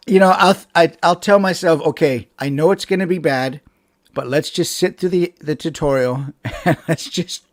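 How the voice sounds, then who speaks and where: A man's voice: mid-range voice, no echo, studio quality. A man hosting a casual live stream from home over a webcam, rambling with fillers and restarts and laughing often. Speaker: channel host chatting with live viewers.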